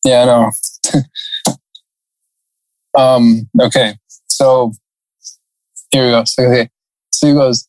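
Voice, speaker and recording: A man on a podcast, casually reading out silly reviews and laughing through them. He swears freely and his voice sits in an ordinary middle pitch. The mic is close and dry, with no room sound. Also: little pitch movement, slow, pauses often, a little mellow, dry recording, rough recording. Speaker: podcast co-host. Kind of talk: casual chat reading funny reviews aloud.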